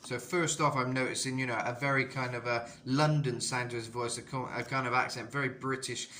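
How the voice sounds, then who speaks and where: A man with a slightly rough throat giving a casual, rambling singing tutorial as a vocal coach, full of "you know". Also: mid-range voice, fairly even intonation, fairly quick, bright, forceful tone, a little hiss or hum. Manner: rambling, lots of "you know", jumps into sung demos.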